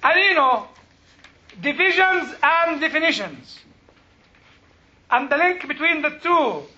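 A man's voice: very high-pitched, big pitch swings, slow, sharp tone, lo-fi sound. A man speaking as a rabbi to a group, chatty and joking, often asking the audience questions. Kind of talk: informal talk with jokes.

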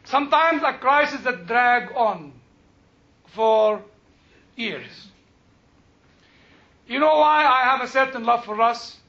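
A man's voice: very high-pitched, animated, takes it slowly, pauses often, pushed and bright, muffled recording. A man speaking as a rabbi to a group, chatty and joking, often asking the audience questions. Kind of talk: informal talk with jokes.

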